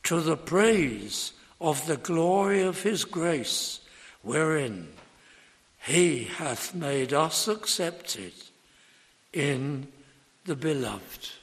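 A man delivers a sermon in a measured, unhurried cadence, his voice pitched somewhat high for a man. He stresses key words with sudden force. The sound rings with a long reverb, as in a large church. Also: lively intonation. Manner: slow, deliberate preaching with emphatic stresses. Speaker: preacher.

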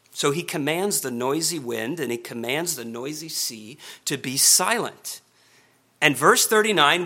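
A man preaching an expository sermon, earnest, slowing and speeding up for emphasis. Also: fairly high pitch. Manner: earnest, varies pace and loudness for emphasis.

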